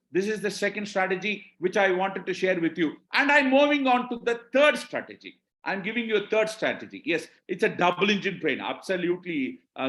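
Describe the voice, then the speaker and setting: Male business trainer, Indian English accent, higher voice, roomy echo, repeats himself and keeps checking in with the audience. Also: fairly bright tone. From Tamil Nadu, India. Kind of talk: live webinar talk.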